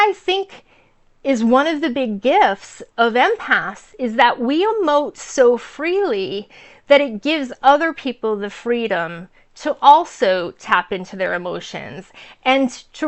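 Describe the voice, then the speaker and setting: A woman in her forties speaks to camera in a casual personal vlog, her voice sitting a little high. She tells her story earnestly and with feeling, often pausing on fillers and starting sentences over. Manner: earnest, emotional, lots of fillers and restarts. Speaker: vlogger sharing personal stories.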